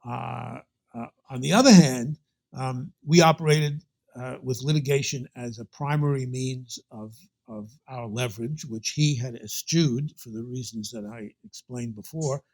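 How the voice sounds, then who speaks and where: A man's voice: medium pitch, lively intonation, measured pace, creaky, a little mellow. An older man with a Brooklyn accent, a guest telling long anecdotes in an interview, full of restarts and asides. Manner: rambling anecdotal storyteller with many restarts. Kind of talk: storytelling interview.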